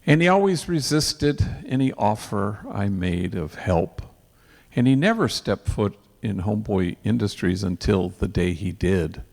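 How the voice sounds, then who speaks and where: A man's voice: lowish voice, animated, unhurried, gravelly, darkish tone. A man, a priest, telling an earnest story at an event, sprinkling in Spanish slang, in a hall with long reverb.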